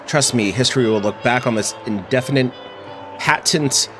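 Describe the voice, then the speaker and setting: A man's voice: mid-range voice, normal speed, close to an everyday voice. A man voicing a boastful, greedy little inventor in a pompous, self-important tone, over game music.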